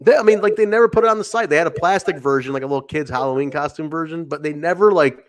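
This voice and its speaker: Man from the midwest, podcast host, sarcastic banter, slightly higher voice. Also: very fast. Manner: sarcastic, animated banter with laughs. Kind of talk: casual wrestling podcast chat.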